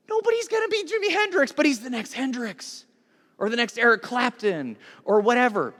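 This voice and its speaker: Middle-aged male pastor, high-pitched, casual and animated sermon, reverberant hall. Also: fairly quick. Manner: conversational, animated, with repeated restarts.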